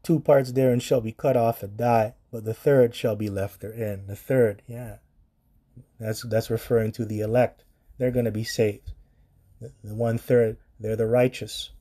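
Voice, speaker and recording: A man's voice: medium pitch, fairly even intonation, normal speed, mellow. A man preaching on scripture in a blunt, profane commentary style, reading verses aloud and reacting to them.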